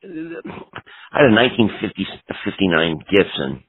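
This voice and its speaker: A man's voice: sits low, sing-song, a little slow, breathy edge, no echo. Interview guest, man in his 50s, rambling storyteller, dry close sound. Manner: rambling, profane, lots of "you know". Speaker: punk guitarist interview guest. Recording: tinny phone-like audio.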